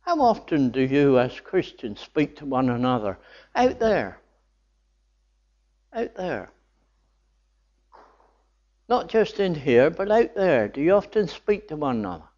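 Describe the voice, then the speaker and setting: A man's voice: fairly high pitch, big pitch swings, moderate pace, darkish tone. An older man preaching a sermon, earnest and building to enthusiastic exclamations of wonder. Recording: dull lo-fi recording.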